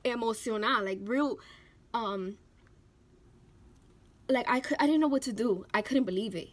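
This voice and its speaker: A young woman vlogging about her life, telling a personal story in an emotional, animated way, full of "like" fillers and acted-out quotes. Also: a little high, a little slow, pauses often.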